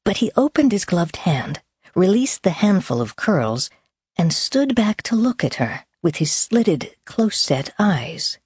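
Woman audiobook narrator, low, husky voice, dry close sound. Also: very animated, darkish tone, no room sound. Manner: measured, deliberate storytelling.

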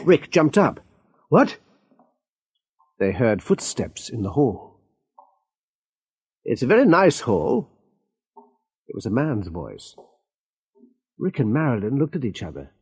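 A man narrating a graded-reader story in a clear, measured way. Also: medium pitch, mellow. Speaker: audiobook narrator.

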